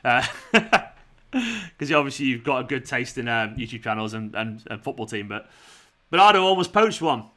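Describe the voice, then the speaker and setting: Bright-voiced man chatting. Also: medium pitch, sing-song, moderate pace. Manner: chatty, reads out viewer comments, laughs a lot. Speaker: fan channel host. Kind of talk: live watchalong chat.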